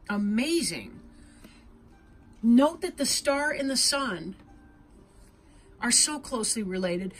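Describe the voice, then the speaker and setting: Earnest higher-voiced woman reading tarot. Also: fairly bright tone, a little hiss or hum. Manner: earnest, emotional, tag questions like "right?". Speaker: tarot reader.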